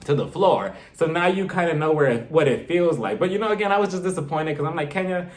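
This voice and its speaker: A man giving a casual, animated review of a reality TV episode. He acts out quotes and laughs often. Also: on the high side, fast talker. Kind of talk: casual commentary vlog. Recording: roomy echo.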